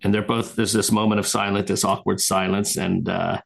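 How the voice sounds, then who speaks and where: A man's voice: deep voice, little pitch movement, moderate pace, vocal fry, slightly rough. A man, a guest filmmaker, telling a long story casually in an interview, retelling scenes with many restarts and fillers.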